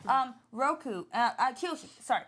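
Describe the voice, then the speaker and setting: A woman's voice: sits high, lively intonation, moderate pace, a bit bright. A woman co-hosting a casual podcast, chatting about a show with many fillers and laughs. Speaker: podcast co-host. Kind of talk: casual chat reviewing a show.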